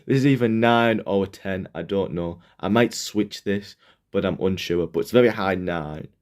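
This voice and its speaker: A young man with a deep, low voice talks casually on his own, reviewing comic covers. He rambles and hesitates, trailing off and restarting his sentences. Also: a little mellow. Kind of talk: casual solo commentary.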